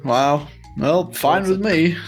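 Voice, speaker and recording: A man's voice: a little high, takes it slowly, soft background music. A man co-hosting a casual movie podcast, easygoing, laughing often and asking questions. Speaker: podcast co-host.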